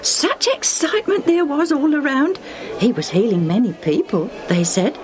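A woman's voice: sits high, normal speed, a crowd in the background, pitched above the performer's own voice. A woman reading the part of a man once blind, now healed, who tells his healing with eager emotion. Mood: joyful. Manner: excited, emotional, chuckling.

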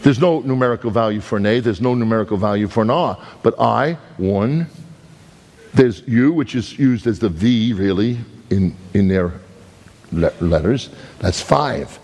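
A man's voice: moderate pace, darkish tone. A man with a Brooklyn accent preaching a sermon, telling stories and pressing his points with big swings in his voice. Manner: storytelling, dramatic swings in pitch, emphatic. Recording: long hall reverb.

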